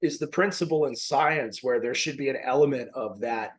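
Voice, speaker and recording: Male podcast host, mid-pitched, loose rambling delivery with restarts, a bit winded. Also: normal speed, slightly rough, poor audio. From Maine. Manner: rambling, self-correcting. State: a little out of breath. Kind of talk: casual faith talk.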